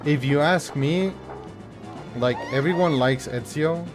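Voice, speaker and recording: A man's voice: a little high, takes it slowly, music in the background. A man from Mexico chatting casually while streaming a game, rambling with many fillers and restarts. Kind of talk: casual chat while gaming.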